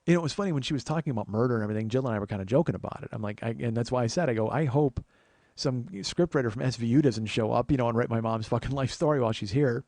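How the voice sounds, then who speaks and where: A man's voice: mid-range voice, rapid-fire, darkish tone, no echo. A man hosting a podcast, telling a personal story in a profane, emphatic way with frequent restarts. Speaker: podcast host.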